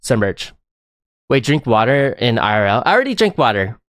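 A man giving excitable, chatty live commentary while playing a game, often breaking into laughter. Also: mid-range voice, normal speed, no room sound, studio quality. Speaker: live streamer.

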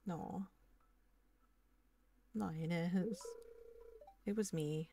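Chatty woman streamer with a lowish voice. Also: very slow, mellow, slight background noise. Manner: chatty, rambling, lots of "like". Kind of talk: casual gaming commentary.

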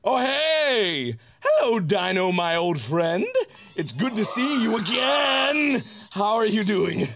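A man doing let's-play commentary. He jokes, swears and yells as he plays. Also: high voice, big pitch swings, takes it slowly, vocal fry, heavy background noise. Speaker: gaming video creator.

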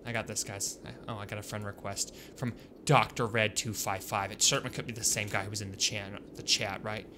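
A man giving casual let's-play commentary as a gaming YouTuber, excitable and swinging from quiet mutters to loud bursts. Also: fairly low pitch, a little fast, few pauses, noisy background.

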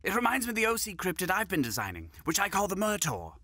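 A man's voice: high-pitched, huge pitch swings, fast, pushed and bright, dry recording. A man narrating comedy sketches in a dry, mock-serious scripted style.

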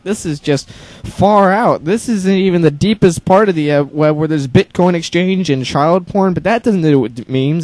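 With a slightly mellow voice on the high side and no echo, a teenage YouTuber launches into a solo rant. He's fed up and sarcastic, swears frequently, and ridicules others by putting on silly voices.

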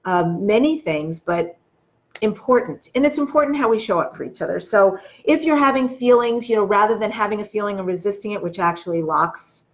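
A woman's voice: medium pitch, animated, fairly quick, dull audio. A woman hosting a spiritual self-help video, talking earnestly to her viewers and coaching them through their feelings. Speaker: host. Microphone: webcam or phone video.

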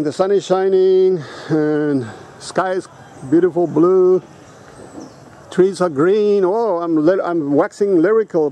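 A man talking to camera outdoors in a casual, rambling vlog, blunt and quick to swear. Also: on the high side, mellow, a little hiss or hum. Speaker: vlogger. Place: outdoors at a resort in a town.

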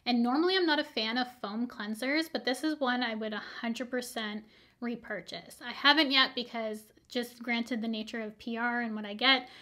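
A slightly hoarse woman with a voice pitched a bit high for a woman talks casually through her used-up beauty products. She is chatty and upbeat, drifting into little asides as she reviews each one. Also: steady tone, moderate pace, bright, forceful tone. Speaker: beauty vlogger.

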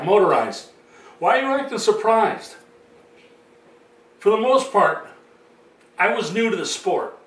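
Chatty male vlogger, slightly high voice, roomy sound from a distant mic. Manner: rambling, chatty, with many fillers. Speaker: vlogger telling his own story. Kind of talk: casual storytelling monologue.

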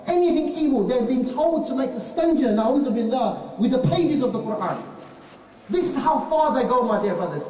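A man's voice: very high voice, very animated, normal speed, dark tone. A male preacher giving an emphatic lecture, asking rhetorical questions and often calling out to the brothers. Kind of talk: lecture on religion. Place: lecture hall. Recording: echoey hall, distant mic.

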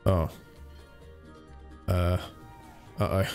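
A man's voice: low-pitched, flat delivery, drawn-out words, creaky, darkish tone, soft background music. A young man chatting casually while playing a video game, rambling with many fillers and restarts. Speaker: gaming channel host. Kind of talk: casual let's-play commentary.

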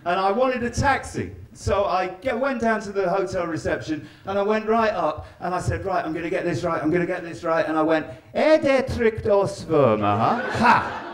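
A man's voice: high-pitched, a little fast, few pauses, slight background noise. A man doing a stand-up set in a live venue, chatting with and teasing the audience. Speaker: stand-up comedian. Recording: live show with crowd laughter.

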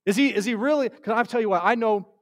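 A man preaching a sermon with passion, rising to loud declarations and dropping to hushed, tender lines. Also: sits high, fast talker. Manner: impassioned, swings from loud to hushed.

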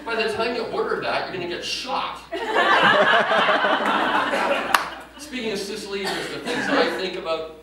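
Deadpan man doing stand-up. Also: high-pitched, extremely slow, pauses often, distant mic. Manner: deadpan, prim, self-mocking delivery. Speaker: stand-up comedian. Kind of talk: stand-up comedy set. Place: room with a live audience. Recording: echoey room recorded from afar with audience noise. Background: audience laughter.

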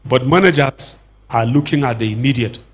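A man's voice: medium pitch, moderate pace. A middle-aged Nigerian man with a Nigerian accent gives an earnest church lecture, asking rhetorical questions and repeating words as he searches for a phrase. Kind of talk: public lecture to a church audience.

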